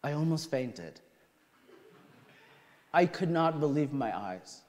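Male pastor, high and very lively delivery, storytelling sermon, reverberant church hall. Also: takes it slowly. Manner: animated, swings from quiet to shouting. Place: church sanctuary.

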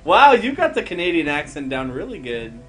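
A man's voice: on the high side, very animated, moderate pace, a bit bright, slight background noise. A man hosting a live gaming stream, chatting casually, laughing often and quizzing his friends. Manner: laughs often, playful quiz-style questions. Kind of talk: casual chat over online gaming.

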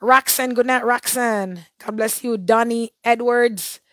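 A woman with a hoarse, worn throat hosts a casual live stream. Her voice sits a little high, and the sound is dry and close. She calls out viewers by name, with a churchy blessing for each. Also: fairly even intonation, measured pace, dry recording. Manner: warm churchy blessings and shout-outs. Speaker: livestream host.

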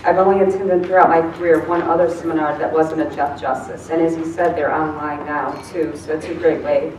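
A woman's voice: sits low, a little fast, slight background noise. A woman presenting a proofreading seminar in a large room, casual and chatty with plenty of "um"s. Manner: relaxed, filler-heavy, chatty. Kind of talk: classroom teaching. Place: large room with many people. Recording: distant, echoey room recording.

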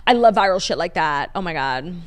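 A woman's voice: on the low side, expressive, brisk. A young woman co-hosting a casual podcast, gushing and swearing freely, with lots of fillers. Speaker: podcast co-host. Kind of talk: casual chat.

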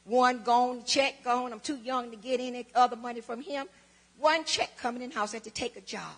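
Husky older woman testifying. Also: fairly high pitch, fairly even intonation, normal speed, fairly bright tone. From Southern United States. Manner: dramatic storytelling, acting out both sides of conversations. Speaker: church member giving testimony. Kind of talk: church testimony. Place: church sanctuary. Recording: long church hall reverb.

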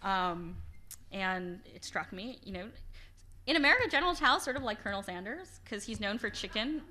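A woman author giving an informal lecture with slides, chatty and animated, laughing often and restarting her sentences. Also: mid-range voice, brisk, background noise. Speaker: author giving a book talk. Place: library event hall.

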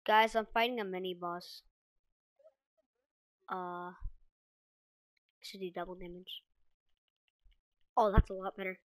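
A woman giving casual gameplay commentary, chatting to her viewers and reacting quickly as she plays. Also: medium pitch, fairly even intonation, no echo, rough recording. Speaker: gaming video creator.

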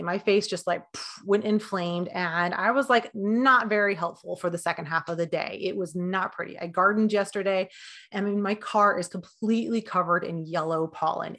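A woman's voice: medium pitch, a bit bright. Chatty woman dietitian giving health tips. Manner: chatty, lots of fillers and acted-out quotes. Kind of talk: casual health advice talk.

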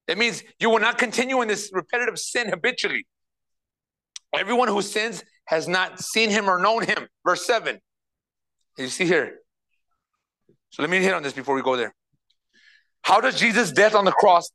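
A man preaching a sermon as pastor, reading scripture verse by verse and swinging between quiet asides and loud, emphatic passages. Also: high voice, rough recording.

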